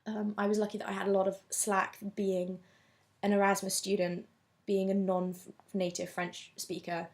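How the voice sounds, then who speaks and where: A woman's voice: medium pitch, monotone, normal speed. A young woman from England chatting openly in an interview. She talks freely, in a casual and candid way, and laughs often. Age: 20s.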